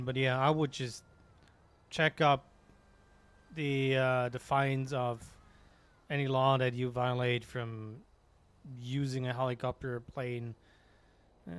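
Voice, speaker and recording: A man chatting in character in a roleplay game, explaining things in a measured, hesitant way. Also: medium pitch, little pitch movement, a bit bright, smooth. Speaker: fellow roleplay player.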